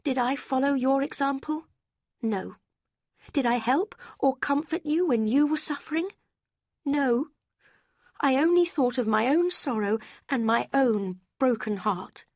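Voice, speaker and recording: A woman voicing an emotional, remorseful young woman with a high, slow, heartfelt delivery. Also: darkish tone, dry recording, clean studio sound. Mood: earnest, remorseful.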